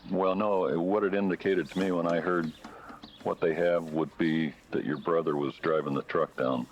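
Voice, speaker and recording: A man's voice: low voice, fairly even intonation, normal speed. A man investigating, bluntly confronting a suspect in a police interview. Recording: dull archival footage with faint noise.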